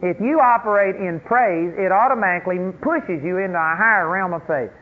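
High-voiced preacher on tinny radio. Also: male voice, brisk. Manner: emphatic preaching, acting out quoted complainers. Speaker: pastor. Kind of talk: sermon. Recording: tinny phone-like radio broadcast, faint noise.

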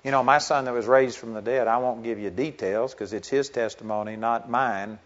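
A man's voice: medium pitch, steady tone, normal speed. A middle-aged man, a pastor, preaching a sermon in an earnest, conversational way that builds into emphatic stretches. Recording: dull lo-fi recording.

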